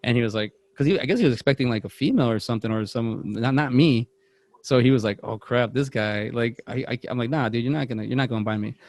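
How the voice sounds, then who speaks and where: A podcast co-host with a medium-pitched voice moves at a quick pace through a long, meandering story from his job. It's casual chat, full of animation, self-interruptions, and impressions of the people he's quoting.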